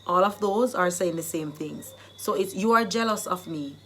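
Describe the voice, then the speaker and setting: A woman with a Jamaican accent who teaches Jamaican phrases in a casual vlog, explaining them and acting them out in lively bursts. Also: fairly low pitch, normal speed, a little hiss or hum.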